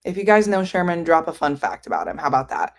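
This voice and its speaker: A woman's voice: sits low, very animated, fast talker. A woman chatting casually on a book livestream, rambling with lots of fillers and answering viewers' comments. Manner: many fillers like "um" and "like". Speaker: book streamer.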